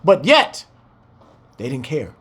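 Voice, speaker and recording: Impassioned man preaching a scripture breakdown, animated and swinging in pitch, with rhetorical questions. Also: takes it slowly, husky. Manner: fiery, exclaiming, rhetorical questions, swearing.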